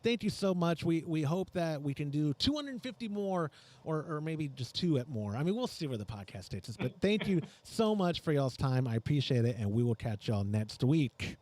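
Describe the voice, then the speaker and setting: A man's voice: a little high, lively intonation, moderate pace, darkish tone. Joking male podcast host. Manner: joking, rambling, apologetic. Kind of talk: casual live-stream chat.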